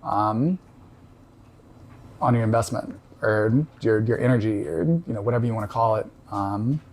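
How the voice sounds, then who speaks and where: A man calmly recounting a personal story in casual conversation, reflective, with frequent pauses and fillers. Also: lowish voice, slight background noise. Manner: reflective, halting with many fillers. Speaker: podcast guest.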